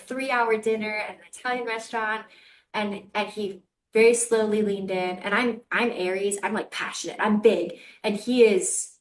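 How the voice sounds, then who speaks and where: A middle-aged woman, a dating coach hosting a podcast, talking candidly in an animated, emphatic way and laughing often. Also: mid-range voice. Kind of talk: candid conversational chat. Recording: echoey room.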